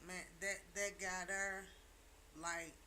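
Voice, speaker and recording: A woman's voice: on the low side, level tone, slow pace, pushed and bright, a little hiss or hum. A middle-aged woman talking on a chat show, telling her story emphatically and repeating her key lines like a preacher. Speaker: talk show panelist. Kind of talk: casual chat.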